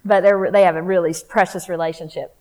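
A woman telling her faith testimony in a candid, animated way, acting out what people said. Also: on the low side, fast talker, low-quality recording. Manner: candid, animated, acts out quotes. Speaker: speaker sharing testimony.

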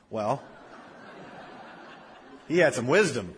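Husky-voiced preacher in a reverberant church. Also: male voice, mid-range voice, lively intonation, moderate pace, pauses often. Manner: storytelling preacher, swings from loud emphasis to hushed. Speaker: pastor. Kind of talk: sermon. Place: church sanctuary. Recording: long reverb of a church hall.

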